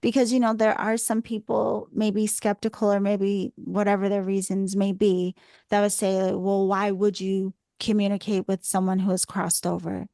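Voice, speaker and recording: A woman's voice: mid-range voice, level tone, moderate pace, gravelly, mellow, no echo, studio quality. A woman hosting a podcast, asking a guest long questions and nodding along with short affirmations. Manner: attentive, frequent short affirmations. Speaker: podcast host.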